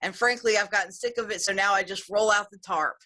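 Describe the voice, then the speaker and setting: A woman's voice: medium pitch, brisk. A woman from the USA doing a frank, raunchy stand-up set over a video call. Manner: bold, frank, deadpan delivery of crude jokes. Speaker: stand-up comedian.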